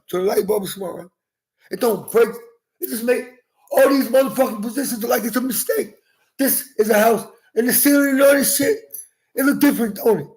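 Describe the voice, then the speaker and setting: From inside his house, a man in his forties speaks directly to viewers in a very high voice. His monologue is rambling and profane, leaping from one topic to another.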